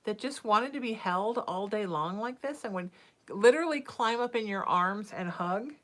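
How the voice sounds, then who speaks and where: Hosting a casual livestream as a psychic medium, a woman reassures listeners and calls them sweetheart and honey, chatting with soft fillers. Her mid-range voice is animated and moves at a moderate pace.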